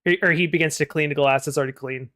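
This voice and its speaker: A man running a live tabletop game, narrating scenes in a relaxed, descriptive way with some filler words. His voice is smooth and clear, and it sits a little high for a man. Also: rapid-fire. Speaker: game master.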